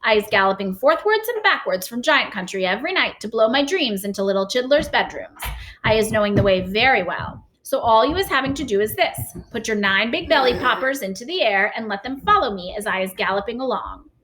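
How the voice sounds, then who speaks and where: A woman's voice: a little high, expressive, brisk, a bit bright. A woman voicing a friendly male giant who mangles his words, in a storybook read-aloud. The giant speaks with odd grammar and made-up words. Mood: eager.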